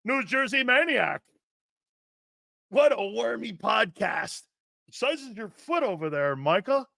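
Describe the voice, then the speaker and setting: A brash male sports talk host with a high, sharp, bright voice. He rants in a loud, mocking and profane way and often shouts. The sound is close and dry. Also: very animated, a little slow, gravelly, pauses often, no room sound.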